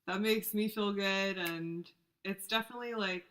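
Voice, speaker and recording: A woman's voice: medium pitch, steady tone, moderate pace, fairly bright tone. A woman with a mid-range voice hosts a casual podcast. She answers her guest with affirming, thoughtful remarks. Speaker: podcast host, tarot deck maker. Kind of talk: casual interview chat.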